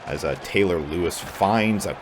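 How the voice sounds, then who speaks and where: Low-voiced frustrated gamer doing play-by-play. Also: male voice, moderate pace. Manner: frustrated, swears a lot, sarcastic, prone to angry outbursts. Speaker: gamer commentating his own play. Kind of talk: casual play-by-play commentary of a video game. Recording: game music clearly heard behind voice.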